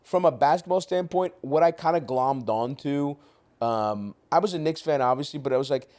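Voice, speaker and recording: A man in his thirties from Baltimore hosting a podcast in a studio, talking in rapid, profane, animated rants. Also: on the high side. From Baltimore, USA. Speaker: podcast host. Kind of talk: casual chat.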